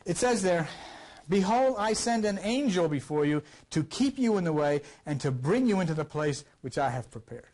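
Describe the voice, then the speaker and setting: An older man with a high-pitched voice teaching a class on scripture. He rambles and talks to the room in a conversational way, with big swings in loudness. His voice has a slight roughness from recent coughing. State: recovering from a cough. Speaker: lecturer.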